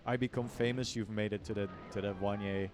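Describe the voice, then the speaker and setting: A man's voice: lowish voice, fairly even intonation, fairly quick, darkish tone, slight background noise. A man streaming live and chatting casually, rambling along with plenty of self-mockery and offhand swearing.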